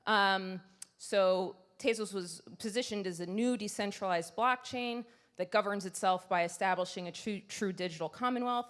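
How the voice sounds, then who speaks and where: Brief: woman speaker on a conference stage, medium pitch, chatty and self-mocking, lots of ums. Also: steady tone, a little slow. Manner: conversational and self-deprecating, many fillers. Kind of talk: conference talk.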